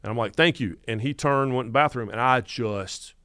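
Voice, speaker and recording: A man's voice: mid-range voice, a little fast, clean tone, no echo, clean studio sound. A man in his fifties with a North Carolina Southern accent, telling stories as a guest host on a casual podcast. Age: 50s. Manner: animated storyteller who acts out quotes.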